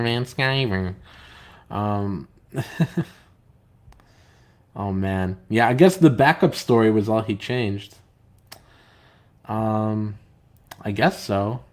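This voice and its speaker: A man hosts a casual live stream, chatting loosely with viewers and reading their comments aloud. His talk is rambling and halting, full of filler words, with a steady aggrieved edge. His voice sits at an ordinary middle pitch. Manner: aggrieved, complaining. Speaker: comic book writer and live stream host.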